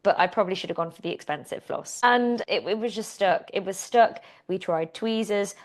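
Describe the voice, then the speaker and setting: A British woman in a relaxed podcast chat, her voice sitting at an ordinary middle pitch. She talks in a chatty, animated way, like a fitness coach catching up with her listeners. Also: normal speed. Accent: British English. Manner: chatty, animated storytelling with laughs.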